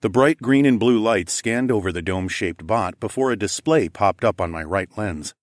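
A man narrating a first-person audiobook in a casual, relaxed way. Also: on the low side, moderate pace, dry recording, studio quality.

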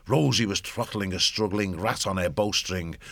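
A man narrating an audiobook in a steady storytelling manner. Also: sits low, normal speed, gravelly.

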